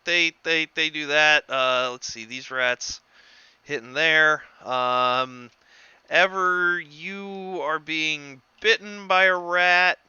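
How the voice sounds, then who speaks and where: Guy game-mastering online, slow and halting, super dry close sound, a bit lo-fi. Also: fairly high pitch, bright, forceful tone, smooth, no echo. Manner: halting, laughs easily. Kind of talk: narrating a tabletop game.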